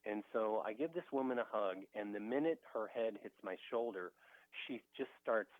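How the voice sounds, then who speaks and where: A middle-aged man, a sound therapist, telling a story in a relaxed, rambling way with many fillers. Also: fairly low pitch, moderate pace. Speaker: sound therapist, podcast co-host. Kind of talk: casual storytelling. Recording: dry, phone-like narrow sound.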